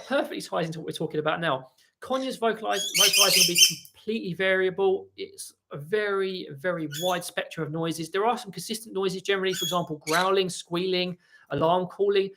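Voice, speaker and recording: A man with a somewhat high voice, roughened by a gravelly fry, chats casually on a live stream from home. He rambles loosely through viewer questions and drops soft asides to his pet parrots. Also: noisy background.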